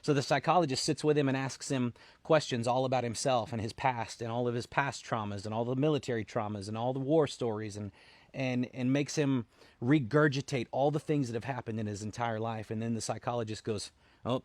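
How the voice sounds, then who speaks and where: A man, a military veteran, telling a personal story in an earnest, halting way, often repeating words as he restarts. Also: mid-range voice, dry recording. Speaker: military veteran, founder of a veterans' support group.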